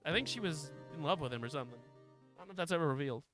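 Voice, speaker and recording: Lively bright-voiced male streamer. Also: fairly high pitch, rapid-fire, soft background music. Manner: chatty, joking, swears offhandedly. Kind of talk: casual game commentary and reading aloud.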